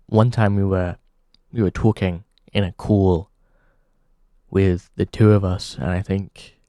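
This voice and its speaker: A man hosting a comedy show, delivering a halting deadpan monologue full of pauses. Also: lowish voice, no echo, clean studio sound.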